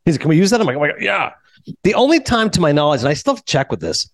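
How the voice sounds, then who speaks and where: A man who is a film critic and podcast host, telling a casual story and acting out the dialogue, then interviewing a guest. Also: mid-range voice. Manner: animated, quick, acts out dialogue.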